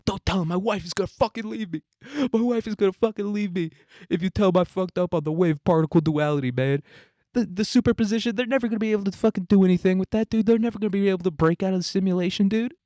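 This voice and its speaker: A man's voice: medium pitch, fast, darkish tone, no room sound, clean studio sound, lightly acted. A man voicing an overworked male alien programmer who pleads in a frantic, whiny way and says "dude" constantly. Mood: panicked pleading.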